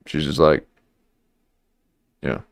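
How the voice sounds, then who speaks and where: A man's voice: takes it slowly, no echo. A man hosting a livestream and commenting on clips, getting worked up and talking back at the screen.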